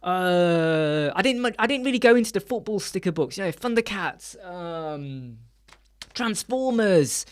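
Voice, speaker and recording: An animated man hosts a casual live stream chat from a small room lined with soundproof panels, acting out quoted voices. His voice sits high and his pace is unhurried.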